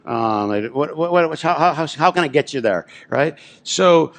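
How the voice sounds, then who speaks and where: A man's voice: a little high, expressive, unhurried. A man preaching a sermon as pastor, telling a personal story in a conversational way and often asking the congregation whether they're with him. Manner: conversational, repeatedly checks in with the congregation. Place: church sanctuary.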